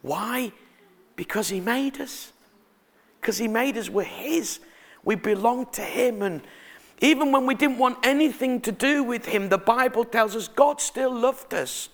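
A middle-aged man preaching a sermon, telling family stories in a chatty, animated way and asking the congregation questions. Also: very high-pitched, measured pace.

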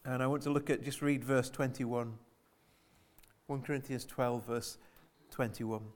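A man with a medium-pitched, steady voice preaches to his church at a measured pace. His delivery is earnest, with frequent repeated phrases and rhetorical questions aimed at the congregation.

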